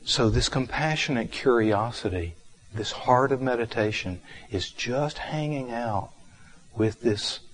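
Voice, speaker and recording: A man giving a reflective meditation talk, telling a counseling story gently and unhurriedly, with frequent pauses and fillers. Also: medium pitch, lively intonation.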